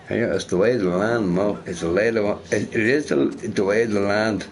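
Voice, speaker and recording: A man with a somewhat low voice chats loosely while he plays a game. He rambles, laughs at his own stories and fills his talk with "you know" and "right". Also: fairly even intonation, brisk, few pauses. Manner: rambling, laughing, fond of filler words. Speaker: gamer. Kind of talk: rambling casual chat while playing a game.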